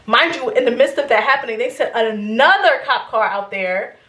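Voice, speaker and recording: A young adult woman vlogger telling a story in casual chat, rambling and animated, swearing freely. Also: on the high side, normal speed, echoey room.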